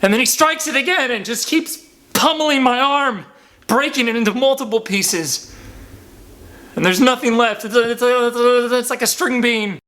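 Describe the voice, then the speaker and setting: A man playing a struggling working-class henchman and father, talking in halting, stammering bursts in a mock documentary interview. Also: mid-range voice, animated. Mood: shaken. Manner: halting, stammering, full of restarts.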